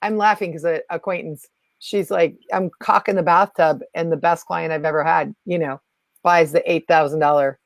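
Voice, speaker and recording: A woman guest speaking in a calm, reassuring coaching manner in casual conversation. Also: deep voice, moderate pace, vocal fry, dry recording. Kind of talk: casual spiritual chat.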